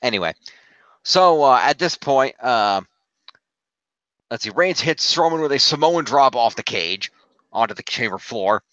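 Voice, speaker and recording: A man recapping a wrestling match play by play for a podcast, steady and full of "uh" fillers. His voice comes through a dull, muffled mic in a dry, close space. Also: mid-range voice, a little slow, long pauses, no echo. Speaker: podcast co-host.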